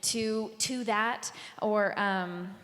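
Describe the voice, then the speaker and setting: A woman's voice: medium pitch, very slow, fairly bright tone. A woman coaching a singer in a live masterclass, enthusiastic and chatty, full of "like" and "um". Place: stage before a live audience. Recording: long hall reverb, live auditorium.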